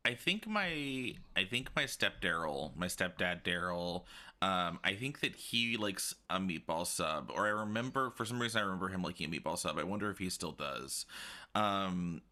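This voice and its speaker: A man chatting casually about food, playful and animated, with exaggerated asides. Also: sits low, moderate pace. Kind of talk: casual chat.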